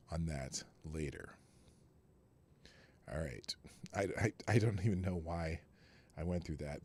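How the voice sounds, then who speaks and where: A man's voice: fairly low pitch, husky, dry recording. Rambling middle-aged male livestream host. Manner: rambling, exasperated storytelling. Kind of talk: casual live-show chat.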